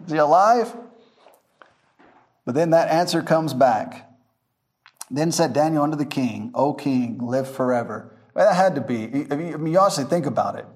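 A man teaching a verse-by-verse Bible class, telling funny stories with frequent laughter. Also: medium pitch. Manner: laughing storyteller, animated anecdotes.

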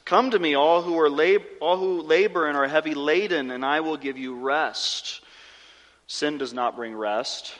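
A man's voice: fairly high pitch, a bit bright. Earnest man preaching in a reverberant hall. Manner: earnest, measured preaching, slowing for prayer. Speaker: pastor. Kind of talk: sermon and led confession prayer. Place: church sanctuary. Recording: long reverb of a large room.

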